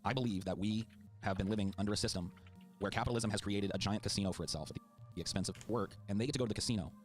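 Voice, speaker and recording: A man's voice: lowish voice, rapid-fire, soft background music. A man arguing politics with passion, swearing often and apologizing for getting worked up. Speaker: video creator and political debater. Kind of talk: heated political debate.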